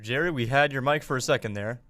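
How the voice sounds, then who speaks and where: A man's voice: mid-range voice, fast talker, a bit bright, dry recording. A man working as producer on a live show, patiently and cheerfully calling on listeners. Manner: patient, upbeat, repeats prompts. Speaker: show producer taking callers. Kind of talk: live call-in moderation.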